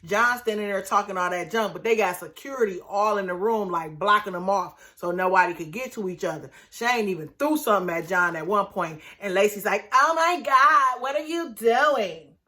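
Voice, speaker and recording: Bright-voiced woman recapping reality TV. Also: mid-range voice, brisk, hardly any pauses. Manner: animated, outraged, talks to viewers as y'all. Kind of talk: casual recap commentary.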